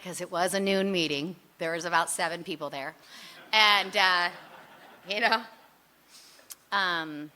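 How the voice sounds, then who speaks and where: Middle-aged woman, bright forceful voice, animated chatty storyteller sharing at a meeting. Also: on the low side. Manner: chatty and animated, laughing, lively asides. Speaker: speaker sharing at a recovery meeting. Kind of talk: personal story told to a live meeting.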